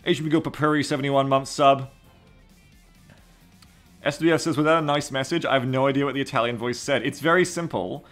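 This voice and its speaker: Man, live streamer, casual thank-yous to donors, medium pitch, quiet music behind. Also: a little fast, long pauses. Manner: thanking donors warmly, reading names.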